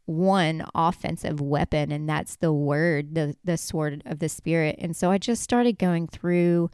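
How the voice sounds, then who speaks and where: A woman's voice: low voice, measured pace, a little mellow, clean tone, no echo, studio quality. A woman talking casually and earnestly about her faith, rambling and correcting herself as she goes. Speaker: Christian speaker.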